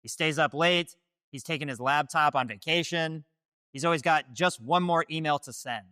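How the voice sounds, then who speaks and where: A man's voice: a little high, moderate pace, sharp tone, smooth, no echo, clean studio sound. A man hosting, delivering scripted dating-advice commentary in a direct, declarative way. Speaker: host.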